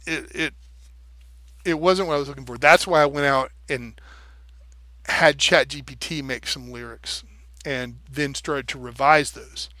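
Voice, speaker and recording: Man, livestream vlogger, bright, slightly high voice, dry close sound, profane and animated. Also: unhurried, long pauses, no echo. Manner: animated, profane, explains with rhythm syllables. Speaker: live streamer. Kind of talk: casual livestream monologue.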